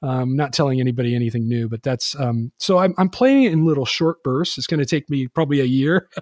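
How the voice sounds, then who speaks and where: Rambling through a casual podcast chat full of filler words, this male host talks fast. His mid-range voice has a darkish tone, and the clean studio recording carries no room sound.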